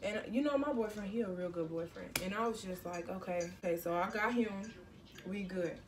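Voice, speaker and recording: A teenage girl telling her story to the camera in a casual storytime vlog. Her speech is loose and slangy, and she jumps to loud exclamations. She sits a little back from the mic, with faint noise underneath. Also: medium pitch, normal speed, distant mic. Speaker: vlogger.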